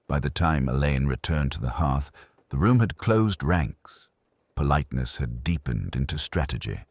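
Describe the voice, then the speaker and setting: A man narrating a classic detective mystery in a measured, expressive reading. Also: extremely low pitch, no room sound. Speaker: audiobook narrator.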